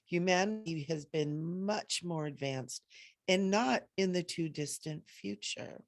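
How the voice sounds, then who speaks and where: Woman channeling a gentle, solemn archangel. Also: fairly low pitch, measured pace, dry recording, clean studio sound. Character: benevolent male archangel offering help and blessings. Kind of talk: spiritual channeling.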